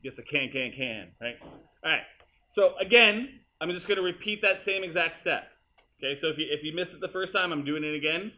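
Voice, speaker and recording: Bright-voiced man teaching in a classroom. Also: on the high side, lively intonation, a little fast, a little hiss or hum. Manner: casual, chatty, talks to students as he works. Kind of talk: classroom software demonstration. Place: high school classroom. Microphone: room mic, uneven audio quality.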